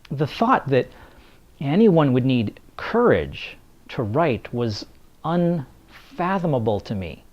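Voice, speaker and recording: Male author vlogger, measured and slow, sarcastic edge, muffled lo-fi sound. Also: mid-range voice. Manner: sardonic, blunt. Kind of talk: scripted commentary. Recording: dull lo-fi recording.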